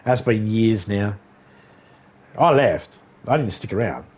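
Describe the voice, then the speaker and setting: A man's voice: on the low side, lively intonation, slow pace, darkish tone, slightly rough. A man on a game livestream casually telling a rambling, profane story and laughing often. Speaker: livestream gamer.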